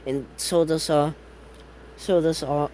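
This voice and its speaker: A man improvising a fan-fiction tale out loud in a loose, rambling way. He keeps filling gaps with "uh", correcting himself in the middle of a sentence and dropping in casual curses. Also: on the high side, steady tone, takes it slowly, a little hiss or hum. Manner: rambling, lots of fillers and self-corrections, casual swearing. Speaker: fan storyteller.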